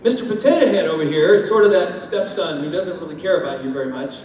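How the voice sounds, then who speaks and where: Man, high voice, animated speaker on stage, heard from far off in a big hall. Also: quick pace, a little hiss or hum. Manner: lively, uses homely food analogies and acted-out quotes. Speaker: speaker on step parenting. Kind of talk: talk with audience. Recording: echoey hall from far off, faint ambience.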